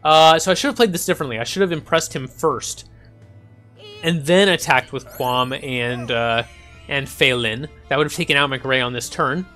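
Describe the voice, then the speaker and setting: Faint music plays behind this gaming channel host as he does casual let's-play commentary on a strategy game. His medium-pitched voice sounds pushed and bright at a normal speed, and he thinks aloud with frequent ums and small laughs.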